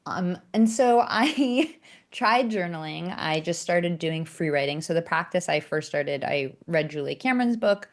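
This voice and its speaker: A woman, an author and coach, telling candid stories as a podcast guest, animated and self-mocking, with sarcastic asides. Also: low voice. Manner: acts out quoted dialogue in character voices. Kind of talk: candid conversational storytelling.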